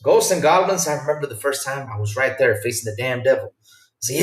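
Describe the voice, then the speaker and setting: A man hosting a casual podcast chat, telling stories in an animated way that swings from loud to quiet. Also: medium pitch, brisk. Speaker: podcast host. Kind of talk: casual chat with a live chat audience. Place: home room. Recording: roomy sound from a distance off the mic.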